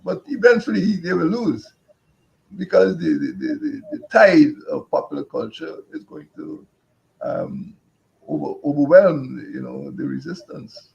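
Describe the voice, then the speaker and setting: A man answering interview questions in a measured, halting way with many restarts. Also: a little high, big pitch swings, creaky, darkish tone, rough recording. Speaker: guest.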